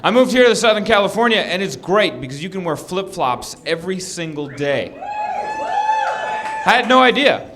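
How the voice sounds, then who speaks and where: With a high voice, a man performs a stand-up comedy set, telling animated stories and acting out characters who shout.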